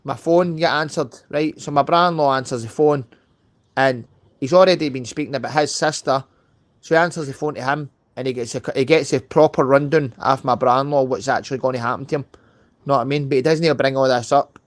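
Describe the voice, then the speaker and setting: A man's voice: medium pitch, steady tone, quick pace, dry recording. A man with a Scottish accent, talking heatedly and swearing a lot on a live call, tagging lines with "mate" and "know what I mean". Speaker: live stream guest. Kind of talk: casual chat on a live call.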